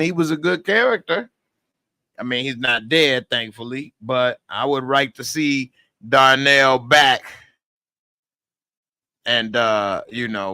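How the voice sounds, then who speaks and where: A man reviewing a TV episode in a loose, chatty way, filling his thoughts with little asides. He speaks at an unhurried pace, and his voice is mid-pitched and dry, close to the mic. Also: pushed and bright, no room sound. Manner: loose and chatty, with filler words. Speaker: TV show reviewer. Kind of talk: casual review vlog.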